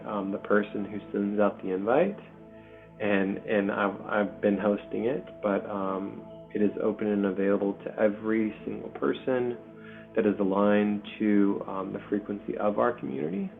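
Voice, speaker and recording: A man hosting a spiritual community video call, speaking softly and hesitantly with many pauses and ums. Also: fairly low pitch, creaky. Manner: soft-spoken, hesitant, full of pauses and ums. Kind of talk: heartfelt spiritual community talk. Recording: tinny call audio with faint music.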